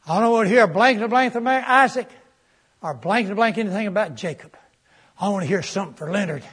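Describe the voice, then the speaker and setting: A drunk, belligerent man, as a preacher acts him out, barking rough demands in broken grammar. His voice sits high and sounds husky and worn. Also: animated, quick pace, fairly bright tone, heavily acted. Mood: demanding.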